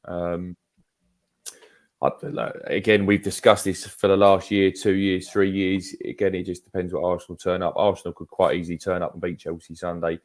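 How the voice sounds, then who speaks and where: Very deep-voiced podcast co-host. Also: male voice, little pitch movement, moderate pace. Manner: calls people mate, repeats himself. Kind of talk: casual football podcast chat.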